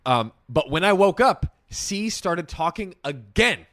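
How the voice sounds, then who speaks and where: A man's voice: high-pitched, lively intonation, unhurried, fairly bright tone. A young man co-hosting a casual chat, reading a story aloud and then talking it over in a laid-back way.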